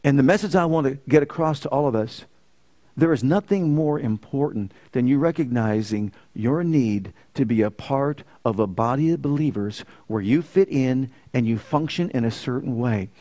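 A man preaching a sermon as pastor, telling a story with swings from loud emphasis to quiet. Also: medium pitch, expressive, normal speed. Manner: storytelling preacher, rising loud and emphatic then dropping soft. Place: church.

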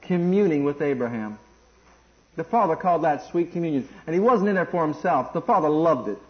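A middle-aged man preaches a sermon in a high voice. He is animated and acts out voices in a bargaining tone. The recording is dull and lo-fi. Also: a little fast. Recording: dull lo-fi sound.

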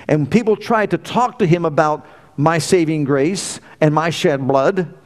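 Man, middle-aged, preacher, sermon, fairly high pitch, emphatic, rhetorical questions, loud-to-hushed swings. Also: measured pace.

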